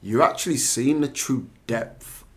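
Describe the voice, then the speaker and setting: A man's voice: mid-range voice, unhurried, a bit bright. A man hosting a podcast, explaining his ideas at length in casual chat.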